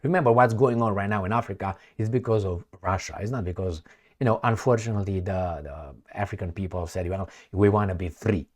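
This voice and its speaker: A man's voice: lowish voice, fast talker. A man talking through current events in a casual monologue, sarcastic and full of fillers, mocking the people he quotes. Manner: sarcastic, acts out quoted politicians in mocking voices, many fillers. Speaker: political commentary vlogger.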